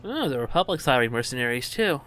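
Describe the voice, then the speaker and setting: Bright, animated let's play host. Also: male voice, medium pitch, fast talker, faint music behind. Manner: playful, laughs easily. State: out of breath from laughing. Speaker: gaming video host.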